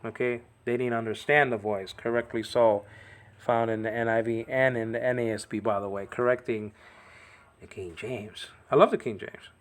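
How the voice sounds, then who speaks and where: A man's voice: mid-range voice, fairly even intonation, normal speed. A man giving an informal language lesson, repeating words to correct pronunciation and often checking understanding with "okay". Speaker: teacher.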